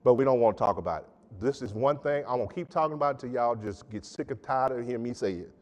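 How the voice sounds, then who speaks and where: A man's voice: mid-range voice, fast. Emphatic preaching man in a reverberant church. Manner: emphatic call-and-response preaching, loud swings in volume and pace. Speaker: pastor. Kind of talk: sermon. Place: church sanctuary. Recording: church hall with long reverb.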